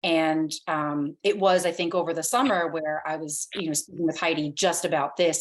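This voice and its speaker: A woman's voice: fairly low pitch, fairly even intonation, normal speed. A young woman chatting casually as a podcast guest, often saying "like" and acting out her own thoughts.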